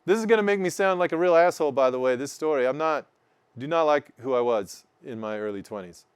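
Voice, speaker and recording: A man's voice: on the high side, fast, smooth, dry recording. A man in his forties from Oregon, telling a profane, self-mocking story in casual chat and acting out what people said. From Oregon, United States. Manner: animated, profane, self-mocking, acts out voices. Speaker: guest storyteller.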